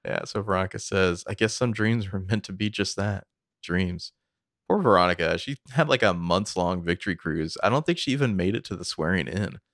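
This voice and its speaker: Low gravelly man recapping a show. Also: a little fast, no echo, clean studio sound. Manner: animated retelling, mimics characters with big pitch jumps. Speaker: podcast co-host recapping a TV episode. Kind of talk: casual chat.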